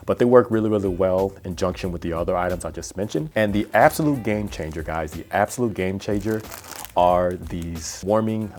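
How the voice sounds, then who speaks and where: A man's voice: deep voice, darkish tone. A man hosting a cycling vlog, chatting through a casual gear review in a rambling, self-deprecating way with plenty of fillers. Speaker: cycling vlogger.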